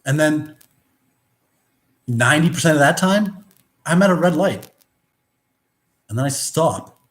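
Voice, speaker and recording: A man's voice: fairly high pitch, lively intonation, measured pace. A man giving a rambling, philosophical monologue, blunt and profane, with many restarts. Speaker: vlogger. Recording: roomy echo.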